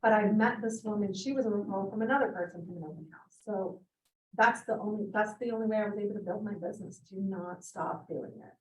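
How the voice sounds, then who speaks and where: A woman's voice: medium pitch, fast talker, a little mellow. A woman real estate agent sharing advice at a team meeting, emphatic and direct, repeating her points. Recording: echoey room, voice from far off.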